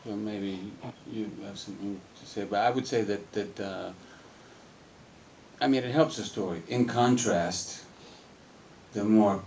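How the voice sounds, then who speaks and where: A man on a film Q&A panel, talking in a rambling, animated way and laughing as he tells stories in a cinema hall. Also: lowish voice, unhurried, recorded from a distance, slight background noise. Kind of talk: casual live Q&A storytelling. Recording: echoey hall, mic heard from afar.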